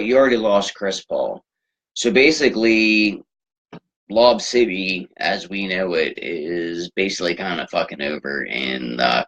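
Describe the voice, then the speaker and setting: A man's voice: deep voice, fairly bright tone. Profane rambling man ranting about sports. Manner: profane, rambling, loose filler-heavy ranting. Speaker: sports talk host. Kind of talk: solo sports rant. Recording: dull lo-fi recording.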